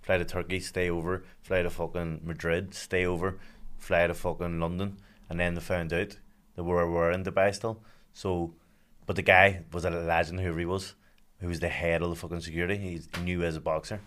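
Man, belfast accent, very deep voice, blunt sweary casual chat. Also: level tone, a little fast, a bit bright. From Northern Ireland. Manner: blunt, sweary, self-mocking. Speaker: podcast guest, boxer.

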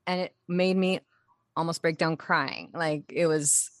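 Animated woman actor chatting and laughing in an interview, kinda low voice, dry sound. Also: measured pace, dry recording. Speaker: actress guest. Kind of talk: casual interview chat.

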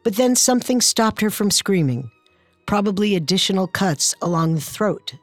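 A woman narrating a true-crime story in a measured, scripted way. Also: mid-range voice, lively intonation, no echo, faint music behind.

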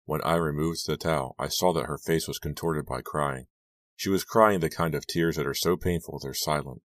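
A man reading a young-adult horror novel aloud, in a steady, measured manner. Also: very deep voice, dry recording, clean studio sound. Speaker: audiobook narrator. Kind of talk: scripted narration.

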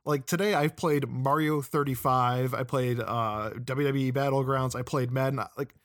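A man's voice: mid-range voice, fairly even intonation, moderate pace, a bit bright, dry recording. Easygoing male podcast host, dry sound. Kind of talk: casual interview.

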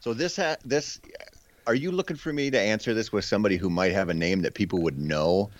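Deep-voiced man telling hunting stories. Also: brisk, no room sound. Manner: easygoing storyteller, says man and freaking. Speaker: podcast guest. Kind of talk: casual hunting talk. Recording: dull, dry lo-fi sound.

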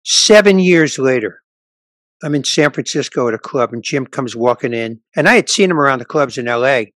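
A man's voice: medium pitch, normal speed, dry recording. A man in his sixties, a stand-up comedian, telling stories in a casual podcast chat and acting out the dialogue. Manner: animated storyteller acting out dialogue.

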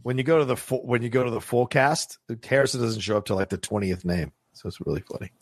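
A man co-hosting a casual movie chat, animated and quick to agree and interject. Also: medium pitch, no room sound. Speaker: podcast co-host.

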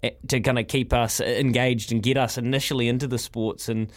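A man's voice: medium pitch, level tone, brisk. Male NZ breakfast host, casual and rambling, keen, plenty of false starts. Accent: New Zealand. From New Zealand. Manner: rambling, enthusiastic, many restarts. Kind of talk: casual radio chat.

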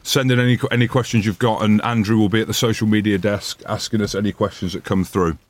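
Male podcast co-host, broad Glaswegian accent, low-pitched, teasing banter. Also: steady tone, fast. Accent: Glaswegian Scottish. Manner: teasing, jokey.

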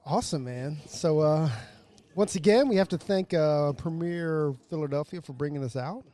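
Upbeat podcast host man, dark tone. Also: fairly high pitch, moderate pace. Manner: upbeat, joking, laughs often. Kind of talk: casual chat.

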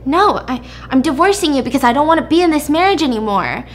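A woman voicing a frightened young wife who answers her husband in a quick, defensive rush. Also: high voice, big pitch swings, slight background noise, pitched above the performer's own voice. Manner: rushed, defensive.

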